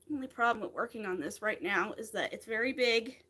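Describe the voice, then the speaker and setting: A woman's voice: fairly high pitch, moderate pace, bright, forceful tone, slightly rough. Upbeat woman chatting on a craft livestream. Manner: chatty, upbeat, talks to viewers between stitches. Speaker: crochet live streamer. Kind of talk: casual live-stream chat while crocheting.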